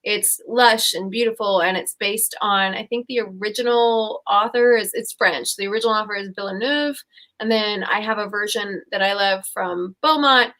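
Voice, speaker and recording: A woman's voice: medium pitch, moderate pace, a bit bright. A young woman co-hosting a casual chat show, retelling fairy tales in a rambling, giggly way. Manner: chatty, rambling, giggly storytelling. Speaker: co-host.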